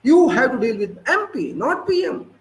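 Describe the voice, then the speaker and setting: Man, Indian English accent, high voice, scolding, rhetorical questions, lecture. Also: big pitch swings, normal speed, low-quality recording. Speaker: political speaker. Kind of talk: impassioned lecture.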